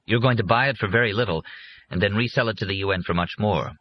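A man's voice: fairly low pitch, fast talker, a little hiss or hum, lightly acted. A man voicing a young man who is uneasy and doubtful, talking hesitantly with his father. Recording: muffled lo-fi recording.

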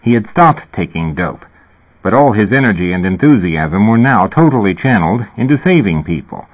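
A man reading a novel aloud in measured, dry scripted narration. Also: fairly low pitch, big pitch swings. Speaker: audiobook narrator. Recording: tinny phone-like recording.

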